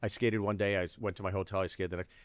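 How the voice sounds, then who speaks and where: A man's voice: sits low, level tone, no echo. A middle-aged man from the Pittsburgh area, a stand-up comedian telling stories in casual chat, jumping into voices and swearing freely. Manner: quick, profane storytelling that jumps into quoted voices. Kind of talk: animated storytelling in casual chat.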